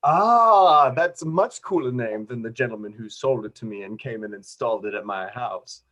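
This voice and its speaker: A man playing a pompous old-fashioned gentleman with a put-on transatlantic accent, in an improvised comedy scene over a video call. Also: medium pitch, expressive, normal speed, close to an everyday voice. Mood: haughty. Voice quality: affected, haughty upper-class delivery.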